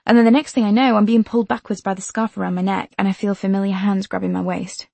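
A woman reading a first-person novel aloud as an audiobook narrator, in a measured, tense storytelling manner. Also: mid-range voice, level tone, creaky, a little mellow, no echo.

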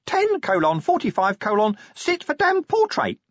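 Small nagging imp, high-pitched, babbling, storybook. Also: male voice, wildly swooping pitch, a little slow, dry recording, muffled recording, heavily acted. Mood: eager shrill. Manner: eager, babbling, accusing. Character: small pushy imp inside a pocket organizer.

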